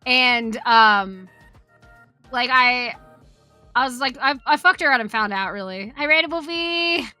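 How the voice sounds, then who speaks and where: Bright, high-voiced woman streamer. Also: a little slow, soft background music. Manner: profane, rambling storyteller who laughs often and greets chat. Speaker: Twitch streamer. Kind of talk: casual live-stream chat and storytelling.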